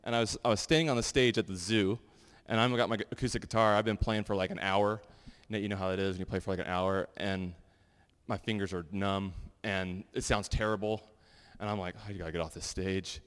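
A man giving a sermon and sharing personal testimonies in a loose, animated, conversational way full of fillers. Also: lowish voice, a little fast, clear, resonant tone. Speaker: pastor. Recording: long hall reverb.

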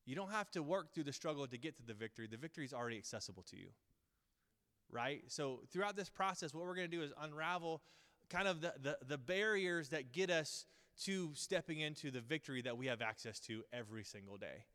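A pastor in his thirties teaches a Bible school series, giving his group a casual, earnest sermon that rambles with many fillers and restarts. His voice is on the high side, animated and a bit bright, and a little fast. The long reverb of a large hall surrounds him.

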